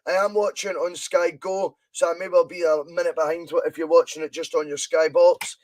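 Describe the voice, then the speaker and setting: A man's voice: fairly high pitch, flat delivery, fairly quick. A Scottish man hosting a live football watch-along podcast, chatting in a rambling way and reading viewer comments aloud. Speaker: podcast host.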